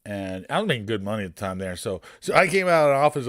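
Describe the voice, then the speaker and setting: A man's voice: fairly low pitch, sing-song, fast talker, hardly any pauses, fairly bright tone. A man, a poker streamer telling long rambling stories in casual, profane chat.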